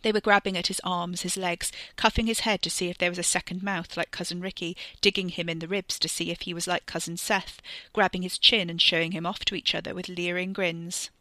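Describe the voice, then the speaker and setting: A woman reading a serialized story aloud with expressive, tense narration. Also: fairly low pitch, fairly quick, hardly any pauses, no room sound. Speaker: reader.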